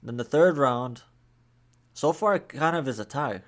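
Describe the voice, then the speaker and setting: A man with a mid-range voice chats through his reactions in a relaxed, casual way. He fills his talk with "like" as he weighs each round. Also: mid-range voice, a little slow. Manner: relaxed, chatty, many "like" fillers. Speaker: reaction channel host. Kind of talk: casual commentary.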